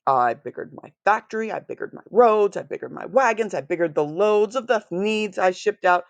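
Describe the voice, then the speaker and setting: A woman reading a children's picture book aloud in an expressive, rhythmic way. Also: on the low side, normal speed, creaky, dry recording. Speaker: storybook reader.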